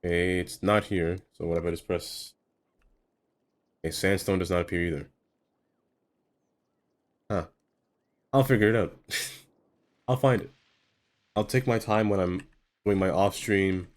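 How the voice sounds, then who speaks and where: Low-voiced man rambling while he builds. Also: fairly even intonation, unhurried, pauses often. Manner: rambling, self-talking, trails off with fillers. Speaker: streamer. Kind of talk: casual live-stream commentary while building.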